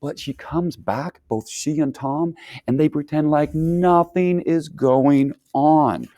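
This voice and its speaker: A man teaching a casual book review lesson, animated and acting out characters' lines. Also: fairly high pitch, slow pace, no echo, clean studio sound.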